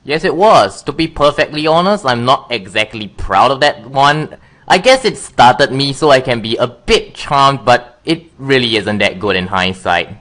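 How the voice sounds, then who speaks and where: Man, interview guest, rambling, self-correcting, mid-pitched voice. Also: lively intonation, moderate pace, a bit bright. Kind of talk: casual interview chat.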